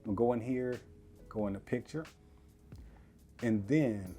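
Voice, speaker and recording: A man's voice: on the low side, steady tone, brisk, long pauses, dark tone, faint music behind. A man casually reviewing a TV at home, chatty and slangy, talking straight to viewers and laughing often. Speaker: tech reviewer. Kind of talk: casual product review vlog. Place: living room at home.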